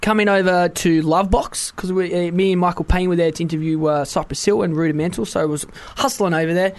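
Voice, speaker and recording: A man's voice: high-pitched, steady tone, quick pace. A man, co-hosting a casual radio chat and telling stories with a lot of animation, his voice jumping up when he gets indignant. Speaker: radio co-host. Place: radio studio.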